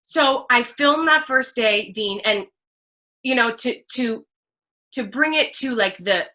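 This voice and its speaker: A woman from New Jersey tells her story as a guest in an interview. Her voice is bright and sits a little high. She talks with animated energy and slips into the voices of the people she quotes. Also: takes it slowly. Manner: lively, acts out quoted voices. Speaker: guest, actress and speaker.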